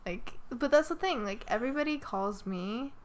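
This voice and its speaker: A woman's voice: fairly high pitch, lively intonation, normal speed. A woman hosting a podcast in casual chat, telling long, rambling stories full of swearing and acted-out quotes. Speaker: podcast host.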